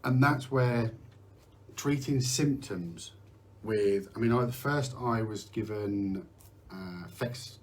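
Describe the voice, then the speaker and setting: A man's voice: fairly low pitch, slow, slight background noise. A middle-aged man from the UK hosting a candid live talk about mental health, rambling, restarting sentences and swearing now and then. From United Kingdom. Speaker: host.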